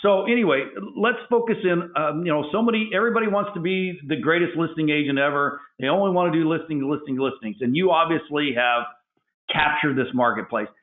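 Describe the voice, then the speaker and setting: A man with a slightly higher voice hosts a webinar, asking questions with eager enthusiasm and often repeating words as he rephrases. His voice sounds thin and narrow like a phone call. There is a roomy echo behind his voice. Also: brisk. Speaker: webinar host. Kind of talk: interview questions. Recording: tinny phone-like echoey audio.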